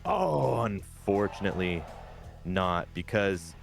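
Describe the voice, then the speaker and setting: Low-voiced guy recapping his game league, gets excited, cusses a bit, faint music behind. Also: takes it slowly, gravelly. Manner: excitable, swears casually. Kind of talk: casual gameplay recap commentary.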